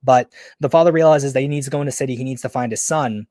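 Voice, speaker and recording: A man hosting a podcast, casually retelling a story pitch in a rambling, enthusiastic way. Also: quick pace, a little mellow, no echo, studio quality. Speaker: podcast host.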